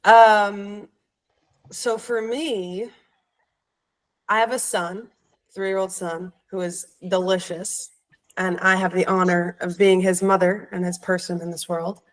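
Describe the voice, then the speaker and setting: Woman, thirties, podcast guest, heartfelt storytelling, animated retelling. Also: medium pitch, slow pace, rough recording. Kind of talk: personal storytelling.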